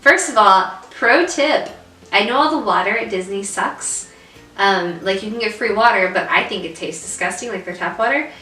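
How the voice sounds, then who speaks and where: A young woman with a bright, forceful voice tells an emotional story in a casual vlog, full of "um" and "like". She sits some way back from the mic. Her voice rings in a roomy space. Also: mid-range voice, moderate pace, distant mic, faint music behind. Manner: emotional storytelling with many fillers. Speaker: vlog co-host. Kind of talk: casual chat. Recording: roomy echo, away from the mic.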